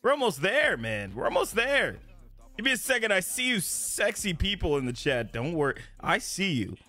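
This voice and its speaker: A male game streamer chatting excitably with his viewers during a live roleplay stream, swearing freely. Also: sits high, normal speed, soft background music.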